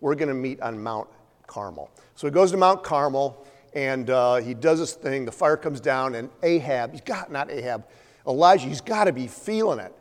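A man's voice: mid-range voice, lively intonation, normal speed. A man preaching a sermon, retelling a story in a conversational way with many fillers and humorous asides. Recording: long hall reverb.

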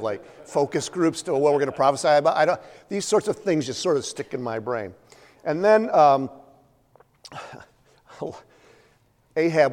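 A man's voice: medium pitch, darkish tone. A man preaching a sermon, retelling a story in a conversational way with many fillers and humorous asides. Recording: long hall reverb.

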